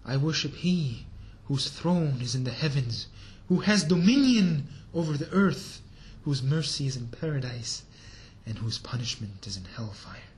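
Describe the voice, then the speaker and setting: A man voicing a reverent talking lizard that speaks in a solemn, lowered tone. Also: animated, a little slow, natural voice.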